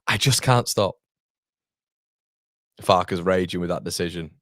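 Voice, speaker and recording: A man in his thirties hosting a live football watchalong, chatting with viewers in an animated, rambling way that jumps between laughter and fed-up rants. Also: sits low, a little slow, dry recording, clean studio sound. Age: 30s. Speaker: fan channel host.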